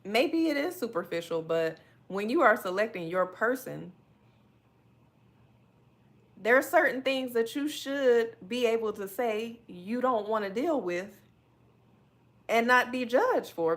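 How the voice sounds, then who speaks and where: This is a woman as she hosts her own podcast. She talks candidly and with animation, and she keeps calling her listeners y'all. Her voice sits at a middle pitch for a woman. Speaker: podcast host. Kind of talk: solo podcast talk reading live chat.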